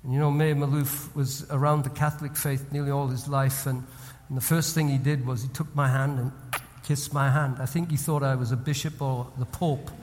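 A man preaching as a senior pastor, moving between hushed, tender storytelling and loud, rising exhortation. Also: medium pitch, little pitch movement, moderate pace, hardly any pauses, in a large hall. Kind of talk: sermon.

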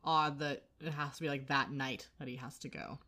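A woman's voice: sits low, moderate pace. Chatty woman recapping a show. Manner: animated retelling, acts out quotes, many fillers. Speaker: podcast co-host. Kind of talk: casual recap chat.

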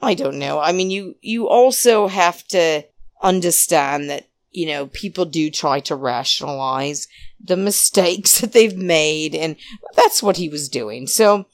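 A chatty woman, talking casually and laughing as she gives frank opinions. Her voice sits a little low, and the recording is dry and close, with no room sound. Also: a little slow, no echo. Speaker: podcast host. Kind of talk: casual reality-show recap.

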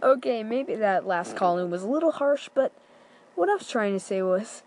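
A man's voice: sits high, animated, moderate pace, a little mellow, slight background noise, pitched above the performer's own voice. A young man voicing a hurt caller who whines and pleads. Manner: whining, pleading.

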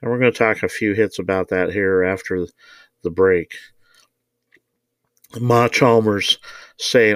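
A man's voice: lowish voice, measured pace, pauses often, fairly bright tone, dry recording, studio quality. A man hosting a podcast, reading from a novel and commenting with indignant rhetorical questions. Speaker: podcast host.

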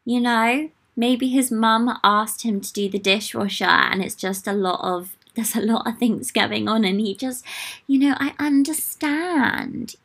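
A woman's voice: a little high, a little slow, gravelly, fairly bright tone, slightly rough. Sassy young woman podcasting. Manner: sassy, chatty and profane, with playful asides. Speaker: podcast host. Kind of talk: casual solo podcast talk.

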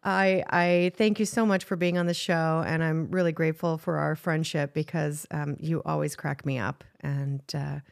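A woman's voice: low voice, normal speed, vocal fry, few pauses, dry recording, clean studio sound. A woman hosting a podcast, interviewing a friend casually with playful remarks and frequent exclamations. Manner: expressive, exclaims and laughs often, playful. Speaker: podcast host.

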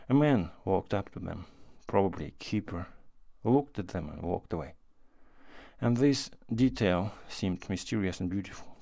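A man narrating a classic short story as an audiobook, in a measured, unhurried way. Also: lowish voice, vocal fry, darkish tone, no echo. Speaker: reader.

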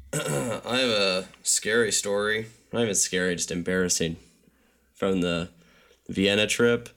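A young man casually telling a travel story on a podcast, animated and full of filler words. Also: lowish voice, slow.

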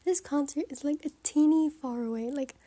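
A young woman telling a rambling personal story in a quiet, hushed way, full of fillers. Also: high-pitched, normal speed. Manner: chatty, rambling, many fillers. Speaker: vlogger. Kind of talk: casual storytime chat.

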